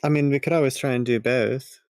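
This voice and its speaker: A man playing a tabletop game in character, measured and dry, now and then clearing his throat. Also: mid-range voice, fairly even intonation, a little mellow, no echo.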